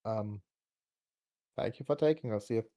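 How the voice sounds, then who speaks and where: A man chatting casually as a player in a tabletop game. His voice sits fairly low, and he talks haltingly, stopping on fillers and restarts. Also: warm tone.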